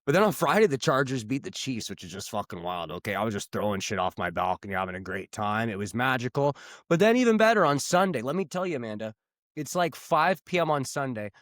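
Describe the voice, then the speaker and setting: A man from the United States co-hosts a podcast in a relaxed, joking way, swearing freely as he tells stories. His voice sits mid-range for a man. The recording is dry and close, with no room sound. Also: mid-range voice, quick pace, no room sound. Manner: joking, profane storyteller. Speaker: podcast co-host. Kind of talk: casual chat.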